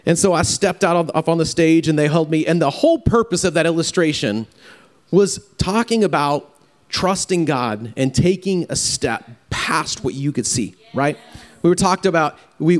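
A man preaching a farewell sermon in an earnest, halting way, often repeating words as he speaks. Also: on the high side. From Louisiana. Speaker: pastor.

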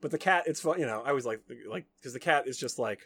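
Animated man recapping a movie. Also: mid-range voice, slightly rough. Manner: animated retelling, acting out lines in quick voices. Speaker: podcast host. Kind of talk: casual movie recap chat.

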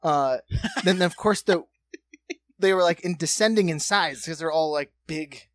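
A man co-hosting a podcast, telling a story in casual chat and acting out the voices and shouts of the people in it. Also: a little high, unhurried, no room sound. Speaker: podcast co-host.

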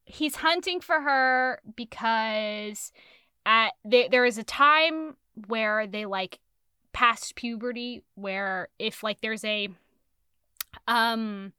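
A woman talks over a book in loose, rambling chat, her voice high and bright. She swears casually and keeps the tone animated. The recording is dry and close. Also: slow pace, smooth, no echo. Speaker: podcast co-host reviewing a book.

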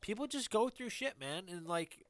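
A man's voice: sits high, moderate pace. A man co-hosting a podcast, talking sports casually and quoting people in put-on voices, with lots of fillers. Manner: animated, quotes people in voices, many fillers. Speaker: podcast co-host.

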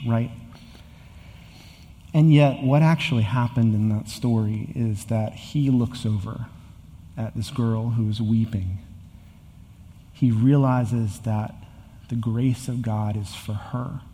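Pastor preaching in a reverberant church. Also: male voice, mid-range voice, dark tone, a little hiss or hum. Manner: earnest, rising to emphatic repetition. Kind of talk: sermon. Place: church sanctuary with long reverb.

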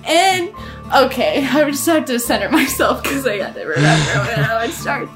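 A woman's voice: high voice, sing-song, moderate pace, music in the background. An Irish woman co-hosting a podcast, casually recapping a movie in a rambling, profane, laughing way. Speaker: podcast co-host.

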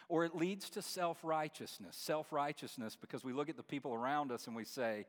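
A man's voice: a little high, fairly quick, hardly any pauses, big-room sound. A man preaching a sermon as pastor, earnest, repeating words and building to emphatic peaks.

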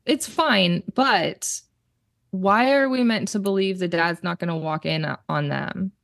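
A woman talks through a film as a guest on a casual podcast. Her voice sits low with a gravelly fry at the ends of phrases, and she is blunt, swears freely and laughs easily. The sound is dry and close, with no room around her. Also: a little slow, fairly bright tone, no room sound.

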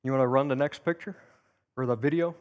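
At a church service, a man teaches by telling a personal story in a folksy, anecdotal style, acting out the quotes with lively delivery. His medium-pitched voice moves quickly, and the lo-fi recording carries a long reverb tail from the church sanctuary.

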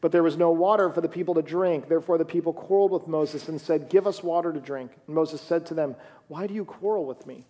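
A man's voice: fairly high pitch, fast, warm tone. A man preaching a sermon in a conversational way, reading scripture aloud as he goes. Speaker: pastor.

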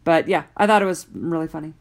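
A woman in casual podcast chat, telling a story with lively acted-out quotes. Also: low voice, quick pace, vocal fry. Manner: animated storyteller, acts out quoted voices.

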